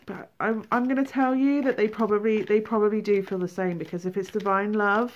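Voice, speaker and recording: Woman doing a tarot reading, lively, bursts of excitement. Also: medium pitch, fairly quick, lo-fi sound. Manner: animated, exclaiming and acting out feelings. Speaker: tarot reader.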